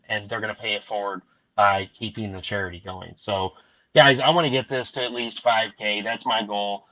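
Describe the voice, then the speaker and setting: Earnest, bright-voiced man pitching a cause. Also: normal speed. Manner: earnest, excited, rambling pitch. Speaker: podcast host pitching a charity comic. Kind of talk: casual chat. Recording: dull lo-fi recording.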